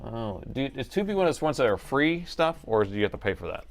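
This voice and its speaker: A man's voice: mid-range voice, sing-song, fast. A man hosting a laptop repair livestream, chatting casually to viewers and laughing often as he works. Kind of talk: casual live repair chat.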